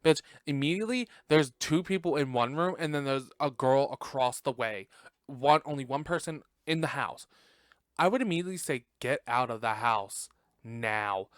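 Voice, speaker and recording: Man, podcast host, sassy movie reaction, swears a lot, laughs often, smooth voice, dry close sound. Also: fairly high pitch, moderate pace, no room sound. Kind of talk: casual movie reaction commentary.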